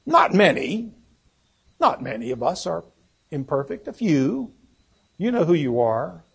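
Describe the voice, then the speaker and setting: A man's voice: on the high side, sing-song, a little slow, vocal fry, a bit bright, slightly rough. A man preaching a sermon, reading scripture aloud and repeating key words for emphasis.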